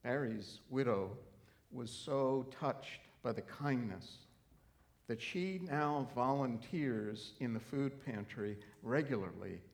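A middle-aged man preaching a sermon, telling a story earnestly and then rising into emphatic, animated preaching. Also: medium pitch, takes it slowly. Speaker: pastor.

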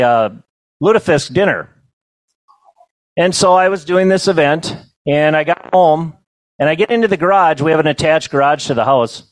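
Middle-aged male storyteller, comic deadpan, fairly high voice, dry close recording. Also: no room sound. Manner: deadpan comic delivery with chuckles. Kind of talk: humorous storytelling to an audience. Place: banquet hall.

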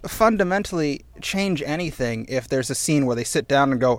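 A man co-hosting a casual podcast chat, talking in an animated, ranting way and swearing freely, getting louder and higher when indignant. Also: normal speed, few pauses, no echo. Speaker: podcast co-host.

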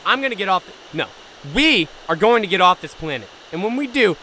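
A man's voice: sits high, animated, a little fast, sharp tone, slight background noise. An actor playing a defiant, easily flustered young man in an audio drama.

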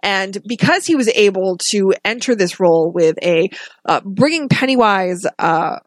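A woman's voice: mid-range voice, dry recording. A woman co-hosting a casual podcast chat about a film, talking with enthusiasm and frequent restarts. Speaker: podcast co-host.

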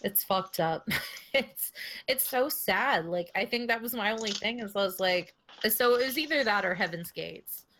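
A woman's voice: mid-range voice, lively intonation, normal speed, noisy background. Woman podcast co-host, casual chatty delivery, laughs a lot. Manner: laughs often, swears casually. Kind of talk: casual chat.

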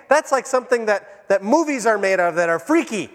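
A pastor with a fairly high voice preaches a sermon. He shifts between soft, hushed lines and raised, dramatic storytelling, and a long church reverb rings out behind every phrase. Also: animated, brisk. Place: church sanctuary.

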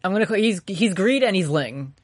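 A co-host with a mid-pitched voice, recorded dry and close, rambles through a casual anime recap. The talk is loose and profane, with frequent laughs and acted-out character lines. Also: lively intonation, fairly quick, breathy edge, dry recording. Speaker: podcast co-host.

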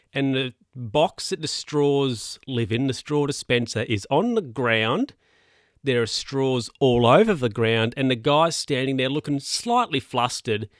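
A man's voice: medium pitch, dry recording, clean studio sound. Chatty man telling a rambling story. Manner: rambling, chatty, laughs at his own stories. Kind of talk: casual monologue storytelling.

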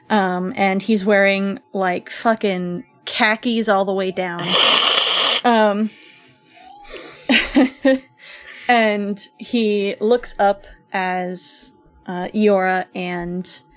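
A woman game master narrating a tabletop scene at a slow, unhurried pace. She rambles casually, leans on fillers and throws in a curse now and then, while soft music plays in the background. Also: mid-range voice. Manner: relaxed, rambling, full of fillers and swearing.

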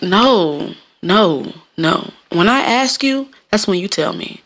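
Chatty, profane woman with a gravelly low voice. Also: fairly quick, fairly bright tone. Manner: chatty, profane, laughs often, slips into high mocking voices. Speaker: cook and baker telling stories. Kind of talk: casual storytelling monologue.

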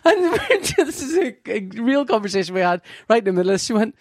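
A man spins a story in loose, conversational chat, swearing freely and often breaking into laughter. His voice sits high and swings widely in pitch. The sound is dry and close to the mic. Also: very animated, a little fast, no room sound.

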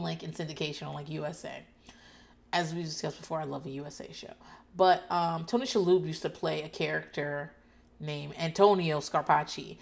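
A woman's voice: sits low, vocal fry. A woman recapping reality TV in casual chat, sardonic and profane, laughing often. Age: adult parent. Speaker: podcast host.

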